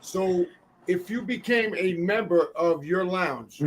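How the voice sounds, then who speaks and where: A middle-aged man hosting a podcast, telling stories in a lively, animated way and swearing freely. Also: sits high, slow, slight background noise. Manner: animated storyteller, acts out quotes with profanity. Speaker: podcast host. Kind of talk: casual storytelling chat.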